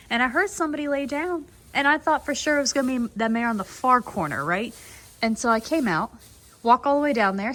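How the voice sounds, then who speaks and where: A woman chatting casually on camera in a horse barn at night, rambling and laughing, cooing softly to the mares and foals. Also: sits high. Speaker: foaling attendant filming her barn. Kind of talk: casual vlog chat.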